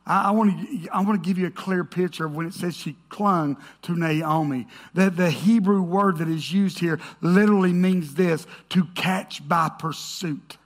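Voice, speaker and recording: A male pastor preaching a sermon to his congregation. He is emphatic, rises to shouts, then drops to a hush. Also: sits high, normal speed, hardly any pauses. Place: church stage before a congregation.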